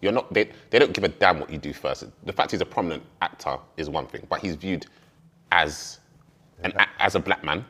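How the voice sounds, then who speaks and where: Deep-voiced insistent man. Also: brisk, pushed and bright. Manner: emphatic, insistent. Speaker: dinner guest. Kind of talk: casual discussion.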